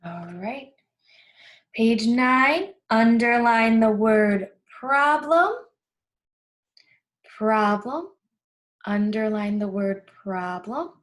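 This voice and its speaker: Teacher lady, slightly high voice, slow and patient, says the words over and over. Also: lively intonation. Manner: patient, repeats key words slowly. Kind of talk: guiding a class through a workbook.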